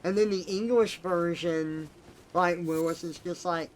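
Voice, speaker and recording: A man's voice: a little high, fairly even intonation, measured pace, background noise. A man streaming a video game, chatting casually and rambling with lots of fillers. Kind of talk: casual chat while gaming. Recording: game music behind.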